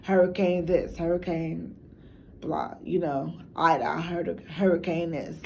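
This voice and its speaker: A woman's voice: lowish voice, fairly even intonation, a little slow, creaky, dark tone, slight background noise. A woman from Chicago with a Chicago accent, talking frankly and loosely in slang for a documentary. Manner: rambling, slangy, frank, laughs often. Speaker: documentary interviewee. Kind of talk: casual talk to camera.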